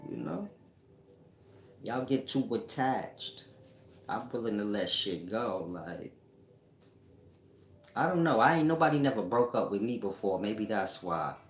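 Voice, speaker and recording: A middle-aged man, a spiritual teacher answering viewers in a casual livestream chat, talking in loose slang and laughing often. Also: medium pitch. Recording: echoey room.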